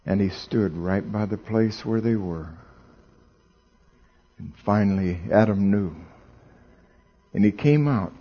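Preacher guy, slowish, goes quiet then gets loud, asks the crowd stuff. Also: on the low side, muffled recording. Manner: dramatic, swinging from hushed to loud and exclaiming; asks the audience questions. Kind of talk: sermon.

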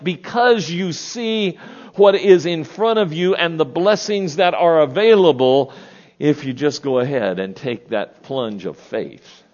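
A man's voice: mid-range voice, highs cut off. A man in his sixties preaching a sermon in a church, folksy, often asking the congregation questions. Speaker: pastor.

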